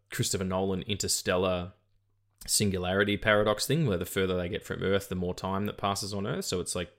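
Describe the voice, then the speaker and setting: Low-voiced, rambling male podcast co-host. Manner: rambling and animated, with many restarts and casual swearing. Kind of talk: casual film chat.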